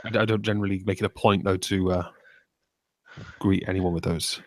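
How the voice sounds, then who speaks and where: Crude joking man, low voice. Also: fairly even intonation, brisk, no room sound. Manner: crude joking banter, laughs often. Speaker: streamer host. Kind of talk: casual chat.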